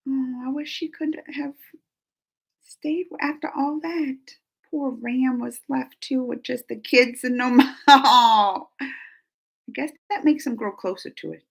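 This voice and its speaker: A woman hosting a live-stream chat, reading viewer comments aloud and answering them in a lively, talkative way with frequent laughter. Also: sits high, slow, creaky, husky. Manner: animated and chatty, laughs often, gasps. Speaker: reaction channel host.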